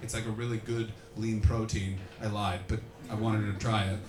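A man from Canada doing crowd-work stand-up comedy, animated and swearing freely as he acts out voices. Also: on the low side, moderate pace, noisy background. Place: comedy venue with a live audience. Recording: echoey room with faint ambience.

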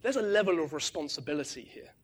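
A man preaches in a loose, conversational way, often tagging "right?" onto his points. His voice sits fairly high and husky, and he pushes hard on key words. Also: fast. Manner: chatty, keeps asking "right?", restarts words, lively bursts of emphasis. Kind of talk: conversational sermon.

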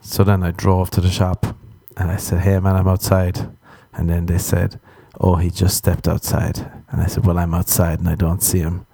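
A man's voice: sits low, monotone, normal speed, creaky, few pauses, warm tone, breathy edge, no room sound. A young man hosting a solo podcast, telling rambling stories full of swearing and acting out other people's lines. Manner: swearing, storytelling, acts out other voices. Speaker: podcast host. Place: Los Angeles.

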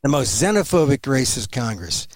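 A man speaking as a guest over a remote call, emphatic and animated, with halting restarts. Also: medium pitch, no room sound. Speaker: guest commentator. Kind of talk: remote interview.

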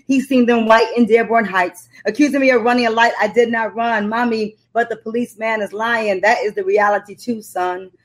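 A woman poet who recites her spoken-word poem in a slow, rhythmic, impassioned way, then talks reflectively about her work in an interview. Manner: low-key, reflective talk with fillers. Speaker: poet and author.

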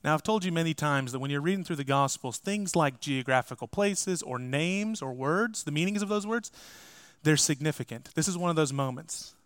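A man's voice: a little high, fairly bright tone, smooth, dry recording. A man preaching a sermon as pastor, emphatic and speaking straight to his congregation. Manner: emphatic, addresses the congregation directly.

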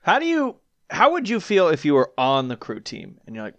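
A man's voice: fairly high pitch, huge pitch swings, a little fast, a bit bright, no echo. Teasing, contrarian man on a podcast. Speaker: podcast co-host. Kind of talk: casual chat.

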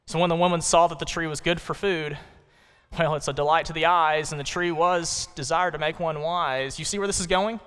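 Preaching a sermon in a spacious sanctuary, this male pastor addresses the congregation in an emphatic, conversational style packed with rhetorical questions. His voice is resonant and smooth, a touch high for a man, with a fairly bright, steady tone and a brisk delivery. Long reverb trails through the big room.

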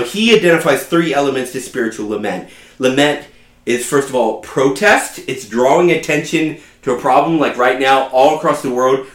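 A man preaching a sermon as a pastor, earnest and conversational, with humorous asides and dramatic drops to a hushed voice. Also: medium pitch, reverberant.

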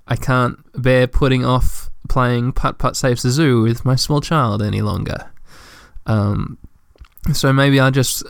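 A man's voice: mid-range voice, creaky, clean tone, no echo, studio quality. A tired man hosting a casual let's play of a children's game. He rambles and jokes about himself, with lots of fillers and restarts. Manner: rambling, self-deprecating, full of fillers and restarts.

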